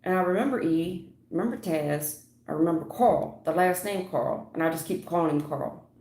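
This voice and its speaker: A woman's voice: lowish voice, normal speed, dark tone. Blunt woman tarot reader in an echoey room. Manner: blunt, preachy, calls viewers honey and sweetheart. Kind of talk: live-stream tarot reading.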